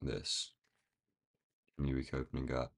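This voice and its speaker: A man with a croaky, rough-sounding voice, thinking aloud in casual commentary as he marks up trading charts on a live stream. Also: rumbling low, monotone, takes it slowly. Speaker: day trading livestream host.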